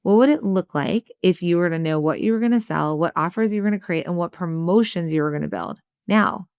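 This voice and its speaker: A woman's voice: lowish voice, brisk, darkish tone, clean tone, no room sound, clean studio sound. A woman hosting a solo business podcast, coaching small sellers in a chatty way, with lots of "like" and "right?" and little acted-out customer voices. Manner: acts out customer and waiter voices.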